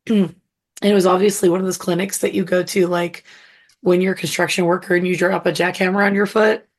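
A woman co-hosting a podcast, hoarse and husky from illness, telling a long story in casual chat with plenty of fillers. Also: lowish voice, flat delivery, normal speed. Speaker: podcast co-host.

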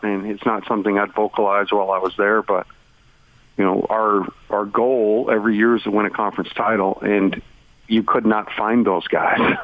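A man's voice: lowish voice, dry recording. A man, a former coach, chatting about basketball on sports radio, rambling with lots of fillers. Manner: rambling, heavy on "you know" fillers. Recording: tinny phone line.

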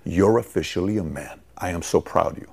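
A man's voice: low-pitched, brisk, vocal fry, a little mellow, breathy edge, pitched below the performer's own voice, full character voice. A man voicing a firm, demanding father in a story he tells. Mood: tender.

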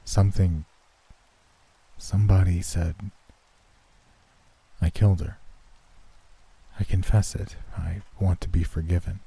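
A man's voice: sits low, level tone, slow pace, creaky, long pauses, dark tone, slightly rough, heavily acted. A man reading the part of a skeptical prison chaplain who speaks curtly and dismissively. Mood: uneasy. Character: skeptical male prison chaplain, stiff and curt.

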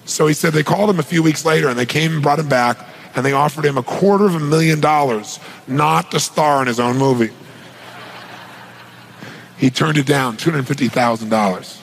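A middle-aged man, a motivational speaker, telling a story on stage in an animated way, acting out dialogue and asking rhetorical questions. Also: fairly high pitch, a little fast, gravelly, breathy edge, rough recording.

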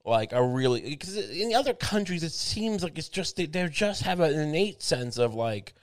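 A man's voice: a little high, big pitch swings, normal speed, no echo, clean studio sound. A man hosting his show in a meandering, wry casual monologue, thinking aloud with many restarts. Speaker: show host.

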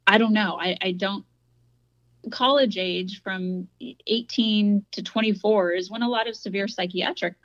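A woman co-hosting a casual discussion podcast, explaining her points in a measured way. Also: medium pitch, fairly even intonation, no room sound, dull audio. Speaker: podcast co-host.

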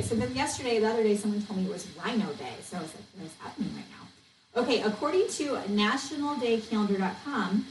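A woman hosting a podcast, talking passionately and bluntly, venting and coaching. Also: medium pitch. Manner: passionate, blunt, venting, says "okay?" often. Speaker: podcast host, network marketing coach. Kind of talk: fired-up solo podcast talk. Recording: echoey room, distant mic, faint noise.

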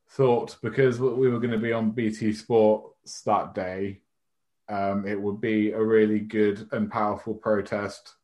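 Low-voiced, self-mocking podcast co-host. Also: male voice, a little mellow. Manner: rambling, self-mocking, swears and laughs. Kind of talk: casual chat.

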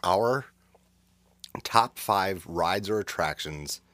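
Guy cohosting a podcast, really low voice, keeps cracking up, dry close sound. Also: very slow, a bit bright, dry recording. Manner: laughs often while telling a story. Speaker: podcast co-host. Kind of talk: casual chat.

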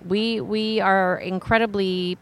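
A woman's voice: mid-range voice, steady tone, slow pace. A woman co-hosting a talk radio show, talking casually with lots of fillers. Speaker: radio co-host.

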